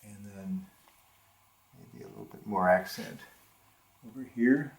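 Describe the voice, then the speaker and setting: An older man talks through a watercolor demonstration in a studio, musing aloud as he works. His voice sits low with a gravelly edge. He trails off mid-thought and picks the sentence up again. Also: unhurried. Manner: thinking aloud while painting, trailing off and restarting. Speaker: art instructor. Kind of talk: live painting demonstration. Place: art studio with a live model.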